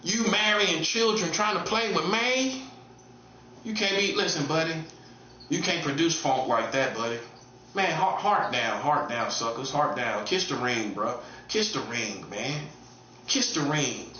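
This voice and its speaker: A man in his late forties delivering a taunting monologue, full of repeated mocking questions, jumping between a high teasing tone and a low growl. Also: lively intonation, unhurried, sharp tone, echoey room, dull audio, a little hiss or hum. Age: 40s. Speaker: self-styled prophet streamer.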